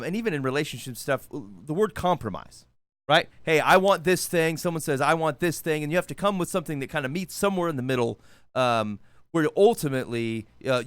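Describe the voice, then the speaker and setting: A man co-hosting a podcast, talking in a wry, deadpan, halting way in casual comedic chat. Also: a little high, no room sound. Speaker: podcast co-host.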